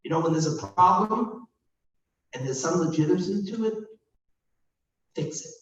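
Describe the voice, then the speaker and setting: A man's voice: high voice, moderate pace. A man leading a service, giving an informal sermon and reading scripture aloud, who often asks his listeners questions. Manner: reads scripture aloud dramatically. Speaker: rabbi and cantor leading a service. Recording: distant mic in echoey room, dull sound, faint hum.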